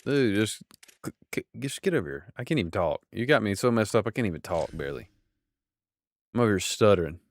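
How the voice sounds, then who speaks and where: A man with a low voice chats over a headset while gaming with friends, teasing them and tripping over his words. His delivery swings widely in pitch, and the sound is dry and close. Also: expressive, a little fast, no room sound. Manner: joking, teasing trash talk, stumbles over words. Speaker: gamer streaming with friends. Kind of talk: casual gaming chat.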